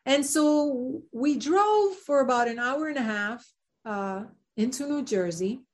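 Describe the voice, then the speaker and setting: A woman, an actress and singer, telling a lively anecdote as a podcast guest. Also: high-pitched, a little slow. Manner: lively, acts out quoted voices.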